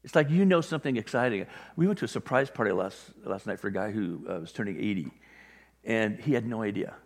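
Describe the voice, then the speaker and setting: A man's voice: on the low side, expressive, fast talker. A man preaching a sermon in a conversational way, briefly acting out the voices of people he describes. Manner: conversational, acts out little quoted voices. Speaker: pastor. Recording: long hall reverb.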